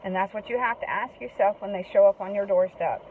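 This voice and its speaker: A woman's voice: medium pitch, a little fast. A woman hosting a casual talk and giving earnest advice to foster parents, often checking in with "okay?" and "guys". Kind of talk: casual direct-to-camera talk. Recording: tinny phone-like audio with faint noise.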